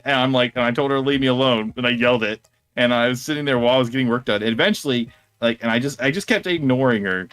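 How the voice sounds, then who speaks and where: A man's voice: mid-range voice, fairly bright tone, no echo. A man co-hosting a casual chat, telling a rambling story and laughing through it. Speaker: co-host of a discussion stream.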